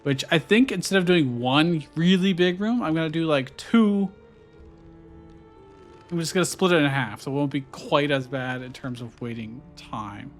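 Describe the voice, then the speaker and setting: A man's voice: a little high, normal speed, faint music behind. Man thinking aloud over a game. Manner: thinking aloud, musing over choices with fillers. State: hiccuping. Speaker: gameplay streamer. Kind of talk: casual let's-play commentary.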